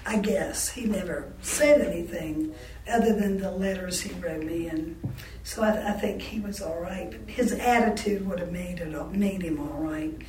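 A woman's voice: fairly low pitch, a little slow, darkish tone. Woman, blunt, outspoken, storytelling interviewee, echoey room, faint background hiss. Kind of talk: oral history storytelling. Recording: roomy echo, distant mic, faint background noise.

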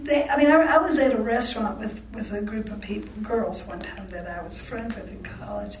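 A woman telling personal stories in an interview, candid and halting, with frequent restarts and wry laughs. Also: medium pitch, slight background noise. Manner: laughs wryly between remarks. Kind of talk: oral history storytelling. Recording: roomy sound from a distant mic.

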